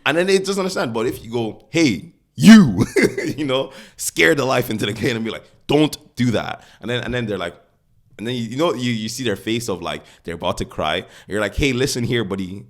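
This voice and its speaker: This podcast co-host, a man from Nigeria, has a mid-range voice and a quick pace. The chat is casual; he's blunt and animated and performs the voices of the people he quotes.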